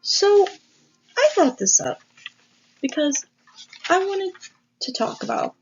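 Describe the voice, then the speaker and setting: A woman's voice: very high-pitched, sing-song, slow, soft background music. A woman hosting a casual video essay over slides, rambling with self-aware asides and the odd swear. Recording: dull lo-fi audio.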